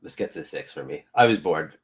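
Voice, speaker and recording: A man's voice: very deep voice, animated, brisk. A man co-hosting a podcast, reacting in casual chat with short questions and laughter. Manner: brief reactions, laughs along. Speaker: podcast co-host.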